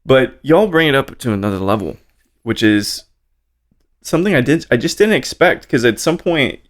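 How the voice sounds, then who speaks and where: A man's voice: mid-range voice, expressive, normal speed. A man hosting a podcast, chatting casually and animatedly with offhand swearing. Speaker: podcast host. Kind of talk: casual interview chat.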